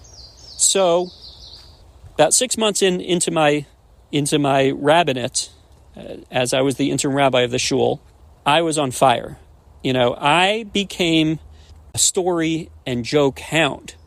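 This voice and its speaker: A man in his forties, a rabbi, telling stories and jokes on a podcast in an animated way, often restarting words. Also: a little high, a little slow, gravelly, long pauses, dry recording. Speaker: rabbi and educator. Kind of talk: podcast storytelling.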